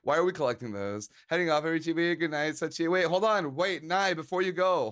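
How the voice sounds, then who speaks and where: A man's voice: on the high side, fast talker, few pauses, a bit bright. A man live-streaming and chatting casually with his viewers, joking around and laughing often.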